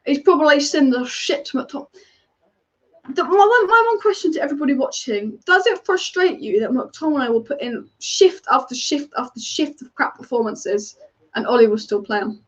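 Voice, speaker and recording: Here a woman with a high, animated voice hosts a live football watch-along stream. The fan channel host reacts to the match rapid-fire, chatty and full of opinions, while reading viewer comments.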